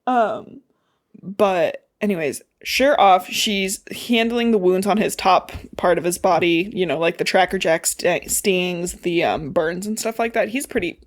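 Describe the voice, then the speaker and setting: A woman's voice: on the low side, measured pace. A woman podcast co-host casually retelling a novel's plot, swearing and laughing as she acts out the characters' lines. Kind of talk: casual recap chat.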